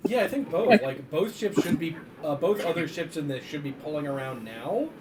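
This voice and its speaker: A man with a slightly higher voice talks casual strategy at a tabletop game. Loud chatter of other voices runs behind him. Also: expressive, moderate pace. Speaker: player.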